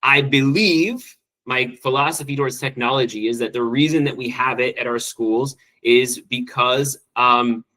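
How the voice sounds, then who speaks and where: Guy teaching a spreadsheet workshop, excited, talks fast, says um a lot. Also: medium pitch, low-quality recording. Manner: quick, enthusiastic, with frequent ums and restarts. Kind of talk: online training presentation.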